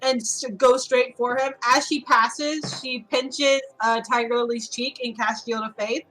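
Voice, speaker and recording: A woman's voice: fairly high pitch, fairly even intonation, unhurried, fairly bright tone, rough recording. A woman playing a tabletop game, describing her character's moves in a hesitant, casual way with many likes and ums. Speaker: player.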